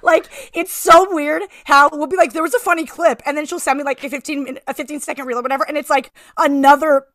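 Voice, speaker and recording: A woman hosting a podcast, excitable and gushing, rushing in fast bursts. Her voice is bright and a little high, recorded dry and close. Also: no room sound. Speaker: podcast host. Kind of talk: casual podcast chat.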